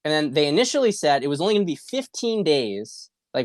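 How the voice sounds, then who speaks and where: This political commentary host speaks fairly quickly with a fairly high, sing-song voice and hardly any pauses, captured in a dry, clean studio recording. His casual livestream monologue is a heated rant that rambles, repeats, and turns profane.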